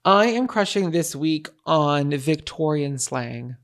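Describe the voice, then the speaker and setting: A man's voice: a little high, lively intonation, slow pace, fairly bright tone. A young adult man co-hosting a podcast, chatting playfully and casually with lots of fillers. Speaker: podcast co-host. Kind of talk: casual comedic chat.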